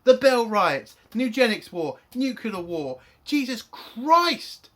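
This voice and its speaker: A man's voice: very high-pitched, sing-song, slow pace, sharp tone. A man reviewing a TV episode in an angry, profane rant. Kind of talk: spoken TV review.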